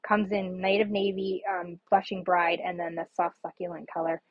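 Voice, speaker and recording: A woman's voice: fairly low pitch, little pitch movement, moderate pace, dry recording, muffled recording. A woman casually showing her handmade paper cards on a live stream, chatty and rambling with many ums. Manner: chatty, rambling, frequent ums, laughs at herself. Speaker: papercraft demonstrator. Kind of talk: casual live craft demo.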